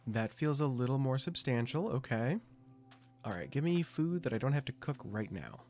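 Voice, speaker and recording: A man's voice: medium pitch, expressive, moderate pace, a little mellow, soft background music. A young adult man giving casual gameplay commentary, thinking aloud with self-mocking asides. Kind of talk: casual let's-play commentary.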